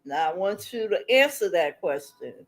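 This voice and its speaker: A woman's voice: fairly low pitch, big pitch swings, normal speed. A woman hosting a casual livestream who talks to her chat, reads the comments aloud and laughs often. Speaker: livestream host.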